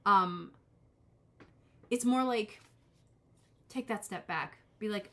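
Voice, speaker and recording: A woman in her forties, mid-pitched, talks in a loose, rambling way through a live-stream tarot reading. She often restarts her sentences and turns aside to greet people in the chat. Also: expressive, normal speed, pauses often, a bit bright. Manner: rambling, self-interrupting, talks to chat viewers. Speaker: tarot reader.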